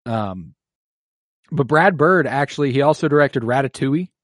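A man's voice: mid-range voice, lively intonation, normal speed, no echo. Laid-back young man, dry close sound. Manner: laid-back and offhand, casual swearing. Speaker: podcast co-host. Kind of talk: casual movie chat.

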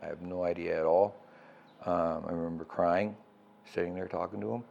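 A man's voice: low-pitched, steady tone, moderate pace, gravelly, a little mellow, muffled recording, slight background noise. A middle-aged man telling his recovery story as a guest, candid and profane, often checking in with "right?".

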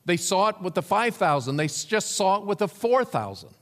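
A man's voice: high voice, big pitch swings, a little fast, a bit bright. Man preaching a sermon in a reverberant hall. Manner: storytelling with chuckles, acting out quoted characters. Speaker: pastor.

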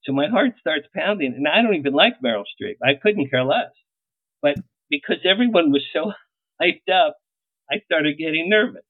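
A middle-aged man, a publicist, telling lively anecdotes in an interview and acting out the lines he quotes. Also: a little high, normal speed, dry recording. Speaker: publicist guest. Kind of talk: storytelling interview. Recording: tinny phone-like line, dry.

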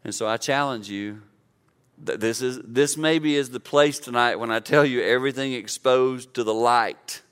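A man's voice: medium pitch, normal speed, a bit bright, clear, resonant tone. A man in his fifties preaching an earnest, conversational sermon, acting out quotes to make his point. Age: 50s. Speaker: pastor.

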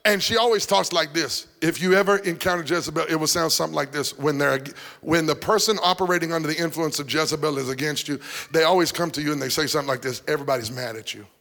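A male pastor preaching a sermon, breaking into shouts and sung phrases, then dropping to a hush. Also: on the high side, fast, gravelly, big-room sound. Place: church sanctuary.

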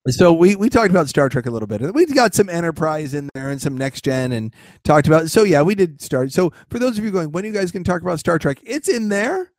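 A man co-hosting a podcast in casual chat, rambling with halting restarts and jokes. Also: fairly high pitch, lively intonation, darkish tone, no echo. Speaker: podcast co-host.

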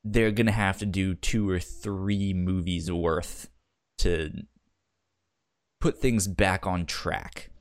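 A man's voice: low-pitched, fairly even intonation. A man co-hosting a casual podcast chat, stumbling through restarts and fillers, with the hiccups. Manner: halting, many restarts and fillers. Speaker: podcast co-host.

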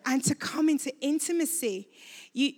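A woman's voice: high voice, lively intonation, normal speed, a little mellow. Heartfelt woman speaking in a church hall. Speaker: church speaker sharing testimony. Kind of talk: personal testimony talk. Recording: long hall reverb.

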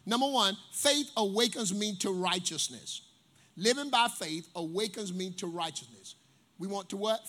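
A male pastor preaching a sermon, telling stories and calling on the congregation to respond. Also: sits high. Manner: animated preacher, storytelling with call-and-response.

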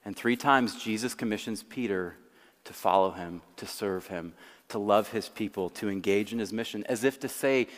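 Male pastor preaching in a reverberant hall. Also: fairly low pitch. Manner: dramatic pacing, slowing to stress words. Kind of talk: sermon.

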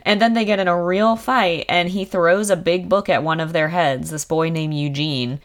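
Woman, slightly low voice, casual chat, playful, acts out quotes. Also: steady tone, moderate pace. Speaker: podcast co-host.

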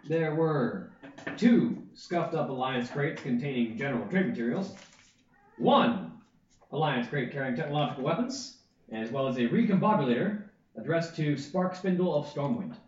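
A man who is the game master, narrating a recap of a tabletop game in a halting way, often restarting his phrases. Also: fairly high pitch, lively intonation, darkish tone. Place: room shared with other players. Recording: very roomy, distant, muffled lo-fi.

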